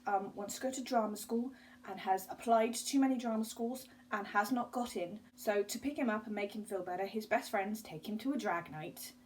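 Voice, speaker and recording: A woman with a fairly high voice chats casually to camera in a book vlog. She gushes and bubbles with enthusiasm and breaks into laughter easily. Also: a little mellow, slight background noise, poor audio. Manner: bubbly, gushing, quick to laugh. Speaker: book vlogger.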